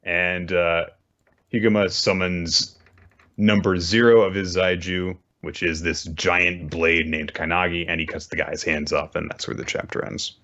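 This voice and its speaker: Deep-voiced man, dull lo-fi podcast sound. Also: fairly even intonation, unhurried, sharp tone. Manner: plain, filler-heavy plot retelling. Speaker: podcast co-host. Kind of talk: casual manga recap chat.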